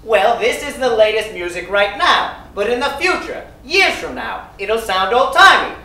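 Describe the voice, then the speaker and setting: A man's voice: very high-pitched, expressive, moderate pace, gravelly, bright, forceful tone, far from the mic, heavily acted. A man playing a staccato old-timey crooner. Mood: explaining. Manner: staccato, hyper-enunciating every word. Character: fast-talking old-timey male crooner. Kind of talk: 1940s-style sketch comedy acting. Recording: roomy stage sound from afar with music.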